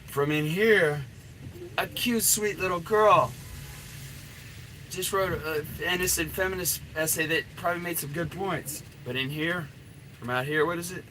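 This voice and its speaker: A man's voice: a little high, unhurried, bright, forceful tone, a little hiss or hum, rough recording. A middle-aged man, a dating coach, giving a blunt, profanity-laden and rambling coaching rant.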